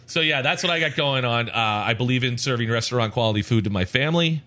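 A man in his forties co-hosting a podcast, telling animated stories with frequent laughter. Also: mid-range voice, quick pace. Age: 40s. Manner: animated storyteller, laughs often, mimics voices. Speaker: podcast co-host. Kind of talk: casual podcast chat.

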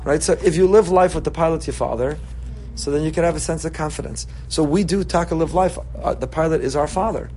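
A man's voice: on the high side, fast talker, dark tone, slight background noise. A man giving an impassioned Torah sermon, repeating phrases for emphasis and weaving in Hebrew terms. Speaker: rabbi giving a Torah talk.

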